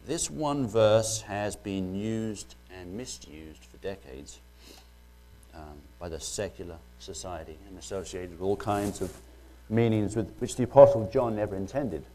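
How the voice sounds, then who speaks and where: A man's voice: deep voice, measured pace, warm tone. A man with a British accent preaching a sermon, first joking lightly, then reading Bible verses and explaining them earnestly.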